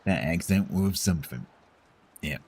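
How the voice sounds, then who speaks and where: Very deep husky English man. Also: unhurried, a little mellow. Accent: Received Pronunciation with a London tinge. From England. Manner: chatty, hesitant, with many fillers and restarts. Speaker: streamer. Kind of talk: casual chat with viewers.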